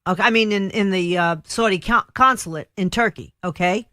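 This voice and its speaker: A woman's voice: medium pitch, a little fast, sharp tone, dry recording, clean studio sound. A woman hosting a political talk radio show, chatty and emphatic, rambling between points. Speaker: radio host.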